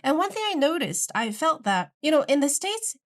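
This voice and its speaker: Lively woman chatting with light laughs. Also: high voice, normal speed. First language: Chinese. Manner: lively, laughs often, many fillers like "um" and "like". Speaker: podcast co-host. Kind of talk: casual conversational chat.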